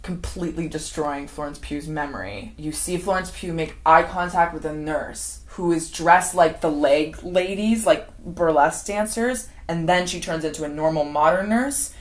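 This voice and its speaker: A woman's voice: deep voice, normal speed, few pauses. A woman giving an unscripted, rambling movie recap, often laughing as she acts out scenes. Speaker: film commentator.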